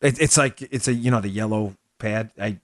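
A man's voice: on the low side, normal speed, no echo. A male podcast host giving political commentary, exasperated and sarcastic, rambling with restarts at a close mic.

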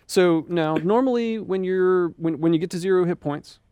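A man running a tabletop game as game master, halting and stumbling, laughing often. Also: high-pitched, darkish tone, clear, resonant tone, dry recording.

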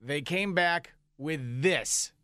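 A man's voice: on the high side, extremely slow, pushed and bright, dry recording, clean studio sound. A man co-hosting a radio show, teasing his co-host and urging listeners to call or text. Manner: wry, teasing reactions and call-to-action reads. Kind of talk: casual radio banter. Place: radio studio.

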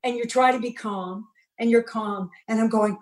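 A woman telling a story with open, gushing feeling. Her voice sits a little high and rings around a roomy kitchen. Casual interview chat over a remote line. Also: fairly even intonation, normal speed. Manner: effusive, emotional storytelling. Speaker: actress guest. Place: home kitchen.

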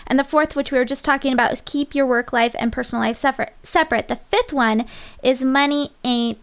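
A woman hosting a live online chat with a high voice. She briskly runs through a list of points for her viewers, keeping things moving. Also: clear, resonant tone. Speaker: host.

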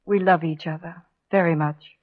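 A woman playing a small-town wife in a 1940s radio drama, talking in a calm, quietly resolute way. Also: lowish voice, moderate pace, lightly acted. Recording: dull 1940s radio broadcast.

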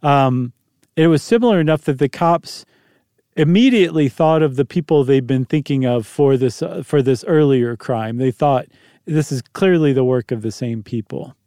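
A man's voice: medium pitch, normal speed, warm tone, no room sound, clean studio sound. A man co-hosting a podcast, telling the story in a casual, chatty way and hedging his facts with asides. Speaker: podcast co-host.

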